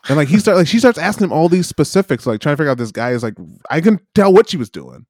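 A man's voice: a little high, expressive, very fast, hardly any pauses, a little mellow, no echo, studio quality. A young man co-hosting a podcast, telling a rambling story in casual chat with many fillers and acted-out quotes. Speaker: podcast co-host.

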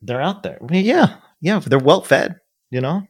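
A man co-hosting a casual talk show, relaxed and quick to react and joke. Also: on the high side. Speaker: podcast co-host. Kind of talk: casual chat.

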